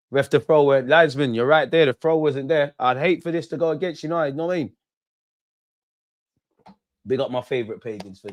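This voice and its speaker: A young man doing a live football watch-along, shouting at players and the referee in slangy banter. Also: mid-range voice.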